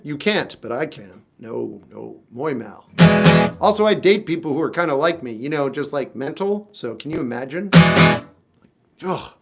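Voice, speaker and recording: Blunt, wry man in his fifties. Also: on the high side. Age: 50s. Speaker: singer-songwriter livestreamer. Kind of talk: casual livestream chat answering comments. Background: guitar playing.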